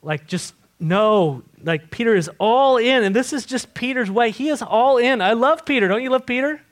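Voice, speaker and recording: A man preaching a sermon, animated and asking his listeners questions. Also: extremely high pitch, normal speed. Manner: animated, asks the congregation questions. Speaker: pastor.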